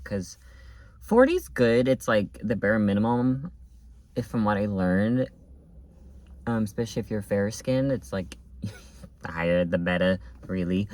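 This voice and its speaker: A man's voice: lowish voice, darkish tone. A man chatting casually in a daily vlog, bubbly and often correcting himself, filming himself with a handheld camera outdoors and at home. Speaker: vlogger. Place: outdoors at a farmers market, then at home.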